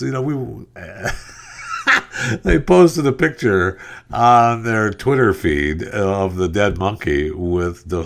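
Deep-voiced rambling sarcastic man. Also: a bit bright. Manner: rambling, sarcastic, many fillers. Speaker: podcast host. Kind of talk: casual news commentary.

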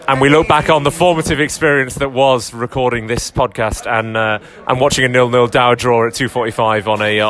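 A man with a middle-pitched voice hosts a casual podcast at a fan event. He talks in a chatty, wry, amused way. He is interviewing people in a busy bar. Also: fairly bright tone. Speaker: podcast host.

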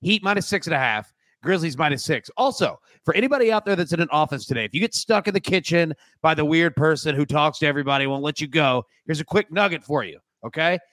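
A man's voice: on the high side, expressive, fast talker, a bit bright, no echo. A man co-hosting a sports betting show, giving picks in a laid-back, joking way. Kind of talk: casual sports betting chat.

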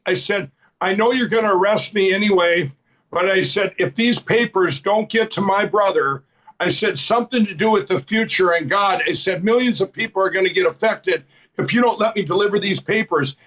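A man's voice: high voice, moderate pace, a bit bright, poor audio. A man guest telling his personal testimony in a rambling, earnest way, often repeating "I said" as he retells conversations and laughing at his own story.

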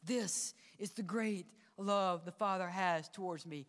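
Male pastor, high register, dramatic sermon delivery with whispered lows, long church reverb. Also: a little slow. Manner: dramatic, drops to hushed whispers and rises to emphatic peaks; addresses the congregation directly. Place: church sanctuary.

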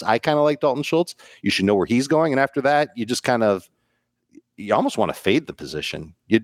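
Measured male panelist, low voice. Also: no room sound, clean studio sound. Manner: measured, explanatory. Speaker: podcast panelist. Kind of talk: casual sports podcast chat.

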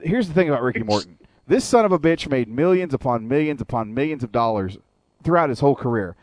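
A man's voice: medium pitch, expressive, fast talker, a little mellow, no echo. A man hosting a wrestling radio show, ranting with lots of swearing in a casual chat. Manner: profane, ranting storyteller.

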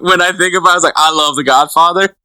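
A man in relaxed podcast chat with a bright, forceful tone, laughing often as he talks. He rambles and restarts his sentences. The sound is dry and close. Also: on the high side, quick pace, clear, resonant tone, no room sound, poor audio. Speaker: podcast co-host. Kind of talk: casual chat.

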